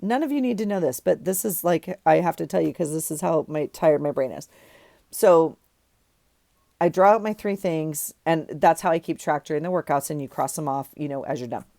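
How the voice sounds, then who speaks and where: Chatty woman with a low, gravelly voice. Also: normal speed, warm tone, no room sound. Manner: chatty storytelling, many fillers and self-corrections; laughs at herself often. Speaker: vlogger journaling. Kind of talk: casual chat while journaling.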